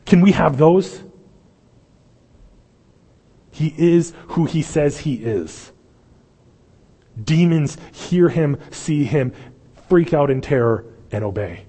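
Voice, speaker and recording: A man preaching a sermon as pastor, swinging from loud pleading to hushed intensity. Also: on the high side, animated, takes it slowly, breathy edge, big-room sound. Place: church sanctuary.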